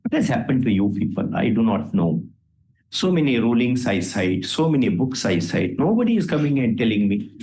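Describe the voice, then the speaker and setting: A man's voice: medium pitch, very animated, normal speed, dark tone, a little hiss or hum. A man with an Indian English accent speaking from the bench as a judge, lecturing and scolding the lawyers with rhetorical questions. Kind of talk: courtroom remarks from the bench. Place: courtroom. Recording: roomy courtroom sound.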